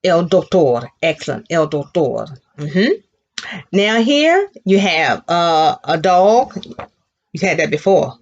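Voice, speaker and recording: Female teacher, lowish voice, slow and patient, encouraging young learners; muffled lo-fi recording. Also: sing-song. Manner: patient, encouraging, models words slowly for children to repeat. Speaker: Spanish teacher. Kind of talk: elementary Spanish lesson.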